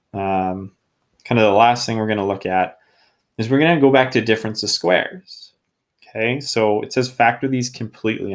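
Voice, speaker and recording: Man talking through a math lesson. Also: on the low side. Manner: explains step by step, often checks in with "okay?"; thinks aloud while working problems. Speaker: math teacher. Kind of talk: recorded classroom lesson.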